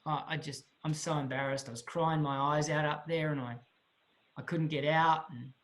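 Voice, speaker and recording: A man voicing an embarrassed young woman who mutters self-critically in a low, quiet voice. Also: steady tone, moderate pace, natural voice. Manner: low, mumbled, self-deprecating.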